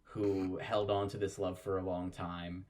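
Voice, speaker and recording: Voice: deep voice, little pitch movement, a little slow, a little mellow. A podcast co-host chatting casually and enthusiastically about a drama, laughing easily. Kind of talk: casual chat recapping a drama.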